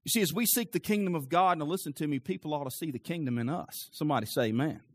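A male pastor preaching a sermon with an emphatic, rising cadence, then leading a quieter prayer. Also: a little high, fast.

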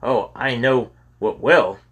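A man voicing a bold, eager young boy adventurer who shouts with excitement. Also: medium pitch, slow, slightly rough, voice pushed up. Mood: excited.

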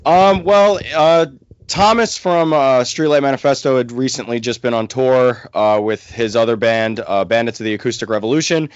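A man with a smooth, resonant voice tells a tongue-in-cheek story on a comedy podcast. The recording is dry and close, with a somewhat dull, lo-fi tone. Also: mid-range voice, no room sound. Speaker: podcast co-host. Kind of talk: casual comedic chat.

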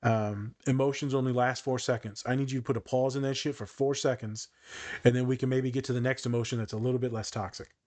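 Animated joking man in casual chat. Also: mid-range voice, quick pace. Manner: animated, joking, swears freely, does voices when telling stories. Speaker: podcast co-host, therapist and meditation teacher.

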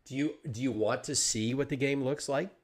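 A man's voice: mid-range voice, moderate pace. Joking male podcast host. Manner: joking, self-deprecating, rambling. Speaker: podcast host and Twitch streamer. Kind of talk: casual interview chat. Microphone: video call.

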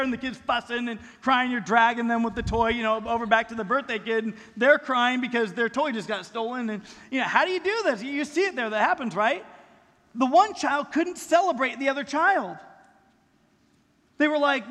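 A man's voice: very high voice, lively intonation, a little fast, sharp tone. A middle-aged man preaching a sermon as pastor, in a conversational style that leans on rhetorical questions. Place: church sanctuary. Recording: long reverb in a large hall.

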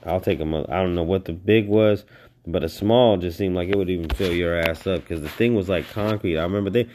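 A man hosting a podcast, telling rambling stories in a profane, animated, casual way. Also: sits low, brisk, a little hiss or hum. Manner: profane, animated, tangent-prone. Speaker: podcast host.

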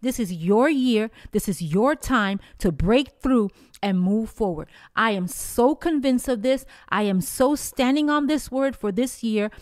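A woman's voice: on the high side, expressive, unhurried, no echo, clean studio sound. Fervent woman hosting a devotional podcast. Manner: fervent, encouraging, preacherly. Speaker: podcast host. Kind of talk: devotional podcast talk with prayer.

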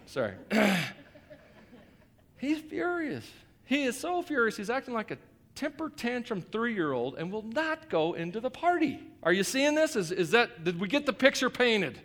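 A man's voice: high voice, big pitch swings, normal speed, a bit bright. A male pastor preaching a sermon in a conversational way, with joking asides and emphatic repetition.

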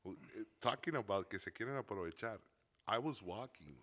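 A man's voice: lowish voice, lively intonation, fairly quick, fairly bright tone. A young Mexican American man from Chicago co-hosting a casual podcast, telling stories and switching between English and Spanish. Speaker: podcast co-host. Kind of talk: casual chat.

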